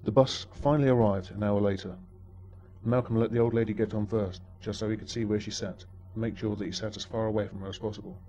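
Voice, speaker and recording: A man narrates a story with dry, wry humor at a quick clip. His voice is low and dark. The recording sounds dull and muffled. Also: steady tone.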